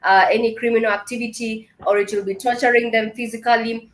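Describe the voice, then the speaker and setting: A woman with a slightly high voice hosts a talk show in casual chat. She talks chattily and pauses on fillers while she explains. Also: fairly even intonation. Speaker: show host.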